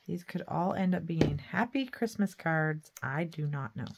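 A woman hosting a craft channel chats casually as she works, talking to herself, humming and singing nonsense sounds, and tossing out folksy sayings. Her voice is low and gravelly with lively intonation and an unhurried pace, against background noise.

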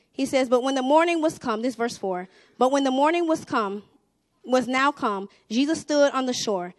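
A young woman preaching a sermon with a Southern US accent, swinging between hushed asides and loud exhortation. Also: high voice, no room sound.

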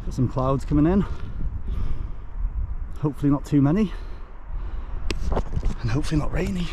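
A man's voice: fairly high pitch, moderate pace. A Welsh man vlogging a mountain hike outdoors, chatty and out of breath, talking to viewers as folks. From Wales. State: out of breath from climbing. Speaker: hiking vlogger. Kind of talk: casual outdoor vlog narration. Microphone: camera mic while hiking. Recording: wind noise from outdoor camera mic.

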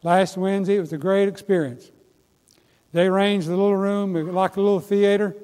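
A man's voice: high-pitched, fairly even intonation, normal speed, dark tone. An older man, preaching a sermon as a pastor, telling folksy stories and building to emphatic exhortation. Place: church sanctuary. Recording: long hall reverb.

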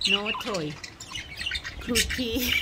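A woman's voice: a little high, expressive, extremely slow, very noisy. A woman talking to her pet budgies in an outdoor aviary in a cooing, doting baby-talk voice. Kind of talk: casual chat with pets. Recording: loud bird chatter over the voice. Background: loud budgie chirping and squawking.

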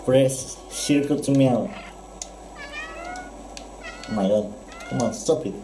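A man with a Spanish accent giving casual, excitable gameplay commentary, laughing often and jumping high in pitch when alarmed. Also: takes it slowly, noisy background. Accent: Spanish-accented English. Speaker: gameplay streamer. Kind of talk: casual let's-play commentary. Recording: roomy echo with game music behind.

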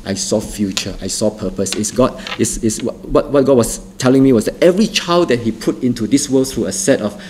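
A middle-aged man from Singapore, giving an earnest spoken testimony that repeats phrases for emphasis and restarts in halting bursts. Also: mid-range voice, expressive, darkish tone. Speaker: testimony speaker.

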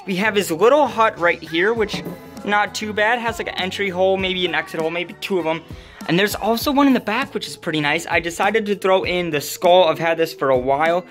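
A woman's voice: on the low side, a little fast, soft background music. A woman vlogging at home into a handheld camera, talking casually, swearing freely and calling her viewers dude. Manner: profane and excitable, says dude a lot. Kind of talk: casual vlog commentary.

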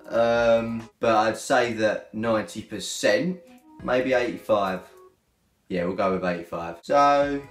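A man's voice: fairly low pitch, slow. Cheeky young man vlogging. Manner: cheeky, joking, slangy banter. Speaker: YouTuber reacting to hate comments. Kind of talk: casual comedic vlog. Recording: echoey room with faint music.

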